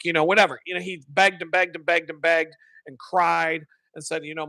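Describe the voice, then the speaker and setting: Bright-voiced man telling a rambling, profane story. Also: on the high side, steady tone, brisk, gravelly, no room sound. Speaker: live-stream host. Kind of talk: casual chat, retelling a sermon.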